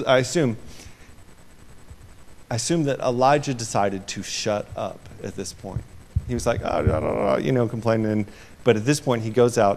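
A man preaching an informal sermon and retelling a scripture story, conversational, shifting from hushed to loud and emphatic and acting out the quoted lines. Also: mid-range voice.

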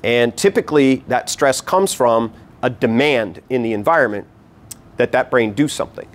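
Male presenter teaching a live group, animated, demonstrates by acting out voices, stresses points through repetition. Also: mid-range voice. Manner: repeats key points for emphasis. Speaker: workshop presenter. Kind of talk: live teaching talk to an audience. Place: meeting room with a live audience.

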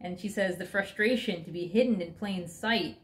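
A woman's voice: medium pitch, moderate pace. A woman co-hosting a casual comic reaction chat, telling imagined scenes and voicing the characters in them. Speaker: co-host.

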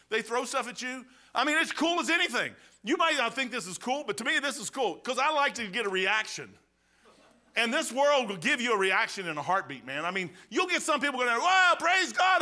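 A pastor giving a folksy, animated sermon, peppered with "man" and changes in loudness. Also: high voice.

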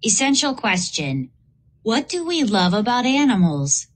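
A woman teacher reading children's poems aloud for a lesson, slow, clear and expressive. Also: on the high side.

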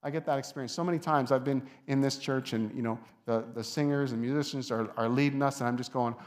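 Pastor guy giving a chatty sermon in church, mid voice, gets louder on the big points. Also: mid-range voice, steady tone, fast. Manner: conversational, with soft asides and lifted emphasis. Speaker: lead pastor. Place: church sanctuary.

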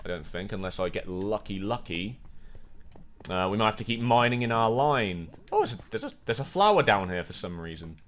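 This gaming livestreamer from the UK talks fast and briskly in a fairly low-pitched voice. He's a young man playing live, joking with chat in an excitable way and letting out a yelp when he gets startled.

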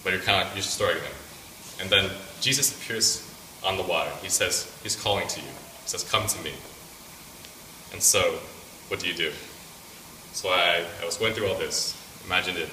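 Young man, low bright voice, echoey room. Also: normal speed, slight background noise. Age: young adult. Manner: casual, rambling, many fillers. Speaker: student giving testimony. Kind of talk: personal testimony to a campus fellowship group. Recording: echoey room picked up from a distance.

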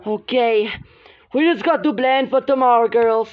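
A woman performing the voices of several bickering girls in a home-made doll drama. She jumps quickly between characters, gasping and shouting through the arguments. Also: fairly high pitch. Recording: dull lo-fi home recording.

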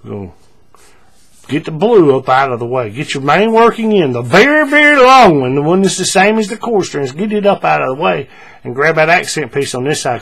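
A man giving a relaxed, step-by-step paracord crafting tutorial, talking through each move with frequent fillers and repeats. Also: on the high side, husky.

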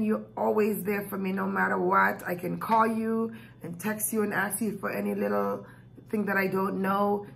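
A woman's voice: mid-range voice, gravelly, slight background noise, low-quality recording. A woman vlogger thanking her viewers, emotional and gushing, tearing up as she talks. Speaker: mukbang vlogger. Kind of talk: heartfelt thank-you talk to viewers.

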